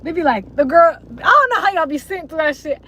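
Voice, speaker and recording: Very high-pitched, pushed and bright, a young woman livestreams at a quick pace with big pitch swings. She rambles casually to viewers, slangy and profane, mocking voices. The rough recording has a little hiss or hum.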